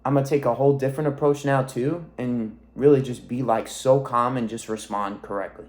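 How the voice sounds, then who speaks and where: A man's voice: medium pitch, fairly even intonation, fairly quick, a little mellow. A young man in his twenties talking to camera in a rambling, reflective monologue, swearing freely as a weight-loss coach.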